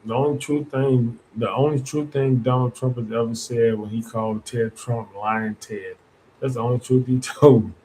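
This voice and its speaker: A man's voice: mid-range voice, steady tone, normal speed, few pauses, mellow, slight background noise, low-quality recording. A man hosting his own podcast, giving a casual, rambling monologue in colloquial speech, full of restarts and asides. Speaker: podcast host.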